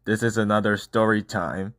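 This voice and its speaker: A man hosts his channel and reads a picture book aloud to children. His voice is on the low side, upbeat and playful, and the sound is dry and close. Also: fairly even intonation, moderate pace, fairly bright tone, no echo. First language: Korean. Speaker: channel host and storyteller. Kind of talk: children's story read-aloud.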